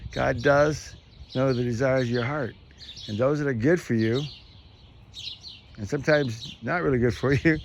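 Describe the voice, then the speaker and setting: A man's voice: mid-range voice, a little hiss or hum. A middle-aged man casually talking to camera about faith outdoors, rambling and earnest with frequent chuckles. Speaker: vlogger. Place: outdoors among trees.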